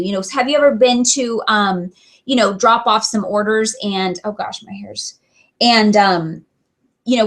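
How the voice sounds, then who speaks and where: A woman's voice: on the high side, fairly bright tone. A young adult woman giving an earnest, chatty motivational talk to her sales team, full of fillers and restarts. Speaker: direct sales team leader.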